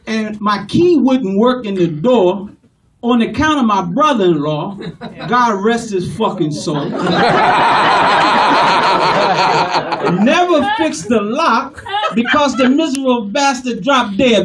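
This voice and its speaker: A comedian voicing a passionate, profane male caller who rambles through a story before getting to his complaint. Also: high-pitched. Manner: long-winded, swearing storyteller. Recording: distant live club recording with crowd noise.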